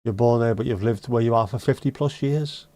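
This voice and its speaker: This livestream host from Liverpool, England speaks at a fairly quick clip, his medium-pitched voice mellow and free of echo. Chatting casually from home in a Scouse accent, he answers viewer comments with blunt, sweary banter and dry wit.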